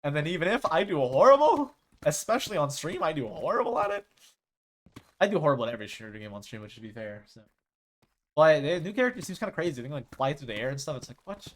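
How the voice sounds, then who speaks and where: A man's voice: fairly high pitch, very animated, fast talker. A man chatting casually with his stream viewers as a live streamer, rambling and acting out quoted exchanges.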